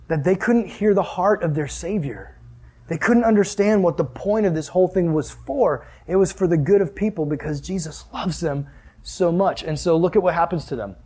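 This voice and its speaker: A man with a slightly rough, higher-than-average voice gives an informal sermon. He brings the story to life by playing Jesus and the Pharisees and by asking the audience questions.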